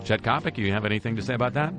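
A man's voice: fairly low pitch, racing, over music. A man hosting talk radio, reading news items with sarcastic, wry asides. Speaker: radio host.

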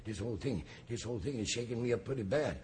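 A man voicing a shaken, stingy old man, Scrooge, in a low rattled voice. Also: fast talker, darkish tone, slight background noise, close to an everyday voice.

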